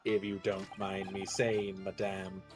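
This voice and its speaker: A man's voice: sits low, completely flat delivery, a little slow, over music, pitched below the performer's own voice. A man voicing a haughty, theatrical nobleman with a put-on French accent and a florid, mock-courtly delivery. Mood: insinuating.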